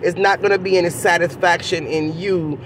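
A woman's voice: on the low side, steady tone, moderate pace, background noise. Scolding Jamaican woman vlogger. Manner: scolding, repeats rhetorical questions, addresses the person directly. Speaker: commentary vlogger. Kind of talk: direct-to-camera commentary.

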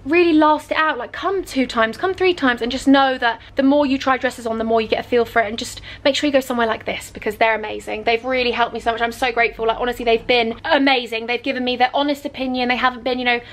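Girl in her 20s vlogging, high voice, talks super fast, gushing and effusive, bridal shop. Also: steady tone. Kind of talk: excited chatty vlog.

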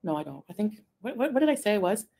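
Woman, live-stream chat, rambling, giggly asides, soft mumbles, reads viewer comments. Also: medium pitch, very animated, fast. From Quebec, Canada. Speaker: livestreamer.

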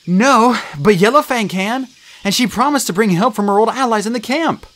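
A man's voice: high-pitched, normal speed, a bit bright, voice pushed up. A man voicing an eager young male apprentice cat who speaks urgently and earnestly.

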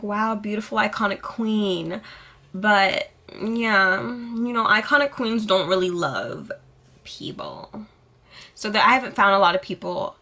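A young woman with a bright, sharp voice chats to her camera in a casual vlog. She is sassy and over the top, swearing freely and hamming up her answers. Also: mid-range voice. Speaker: vlogger. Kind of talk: casual get-to-know-me vlog.

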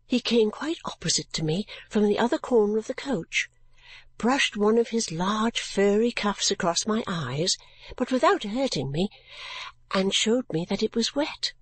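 A woman narrating a classic novel as an audiobook, in a gentle, measured storytelling manner. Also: mid-range voice, animated, husky, no room sound.

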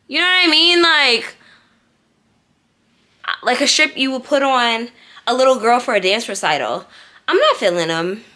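A woman's voice: medium pitch, sharp tone. A young woman vlogging in a casual, chatty way, talking straight to her viewers with lots of fillers. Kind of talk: casual vlog chat.

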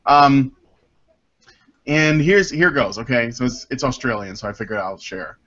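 A man's voice: medium pitch, a little slow, fairly bright tone. Guy hosting a podcast, reads a letter out, jokey, lots of ums, kinda muffled audio. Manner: chatty, jokey asides, frequent ums. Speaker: podcast host. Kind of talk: casual group chat, reading a listener letter aloud. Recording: dull lo-fi audio.

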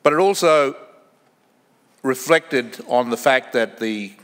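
A middle-aged Australian man from the Kimberley region, giving a formal lecture in a measured way, with pauses and ums. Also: medium pitch, a bit bright. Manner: measured, pausing with ums, acting out quoted voices. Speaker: guest lecturer. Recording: echoey lecture hall.

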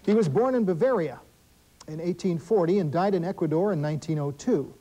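A man hosting a school quiz show, reading questions briskly and adding wry asides and corrections for the teams. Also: high-pitched, warm tone, dull audio. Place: television studio.

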